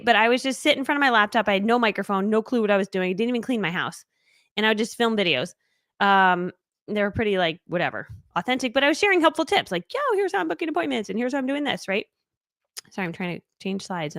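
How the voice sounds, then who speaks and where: Bubbly woman coach in her thirties, chatty and playful, medium pitch, dry close sound. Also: no echo. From New England, United States. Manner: bubbly, chatty, animated, with laughs and playful acted quotes. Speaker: online business coach. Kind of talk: live training webinar.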